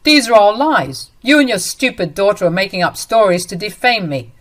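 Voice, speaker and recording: A woman's voice: medium pitch, big pitch swings, moderate pace, voice pushed up, natural voice. A woman voicing a cruel, lying young husband who turns defensive and stammers when caught.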